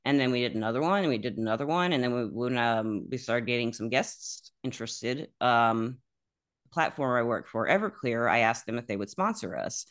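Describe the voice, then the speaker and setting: A woman's voice: extremely low pitch, fairly quick. A woman from Alabama with a Southern accent, a podcast host chatting casually, rambling and laughing often. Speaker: podcast host, tarot reader. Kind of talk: casual interview chat.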